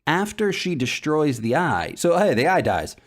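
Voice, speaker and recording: A man co-hosting a podcast, chatting casually and excitedly about a TV episode. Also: a little high, moderate pace. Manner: excitable, animated storytelling. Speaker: podcast co-host. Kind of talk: casual chat.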